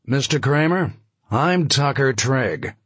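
A man's voice: medium pitch, expressive, takes it slowly, a bit bright, breathy edge, no echo, voice pushed up, full character voice. A man voicing a big, pudgy lawyer with a nasal honk. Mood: formal.

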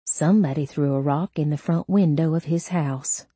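A woman voicing a brisk female police officer delivering hushed news. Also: low voice, breathy edge, dry recording. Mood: urgent.

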